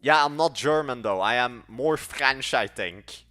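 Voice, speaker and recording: Faint music plays behind a medium-pitched, sharp-toned male voice that takes its time. He's an eighteen-year-old app developer from Belgium with a Dutch accent, chatting loosely and slangily with his stream viewers and muttering as he codes.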